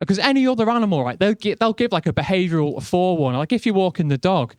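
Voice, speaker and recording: A man's voice: high-pitched, expressive, fast talker, hardly any pauses, no echo, clean studio sound. Young Liverpool man doing stand-up. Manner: chatty, self-mocking, lots of "like" and "but no". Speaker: stand-up comedian. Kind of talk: stand-up comedy set.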